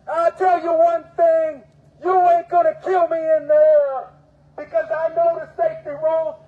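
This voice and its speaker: Union steward, male, very high voice, preachy fiery rant with shouting, lo-fi phone-like sound. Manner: fiery and preaching, repeats phrases, often shouts. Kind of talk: impassioned protest speech. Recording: tinny phone-like audio.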